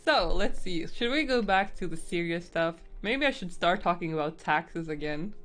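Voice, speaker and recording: A woman's voice: lowish voice, expressive, moderate pace, fairly bright tone, soft background music. A woman chatting casually on a live art stream, teary and emotional, laughing often.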